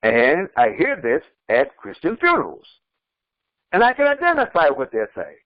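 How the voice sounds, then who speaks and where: A man's voice: fairly high pitch, wildly swooping pitch, normal speed, no echo, lo-fi sound. A man preaching as an imam, emphatic and repetitive, often restarting his words mid-sentence. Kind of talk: sermon.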